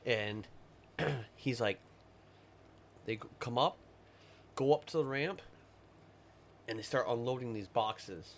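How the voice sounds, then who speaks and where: A man's voice: mid-range voice, takes it slowly, pauses often, a little hiss or hum. A man telling a long story in a rambling, profane way during a casual podcast chat. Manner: rambling, profane, retells stories in quoted voices. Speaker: podcast guest.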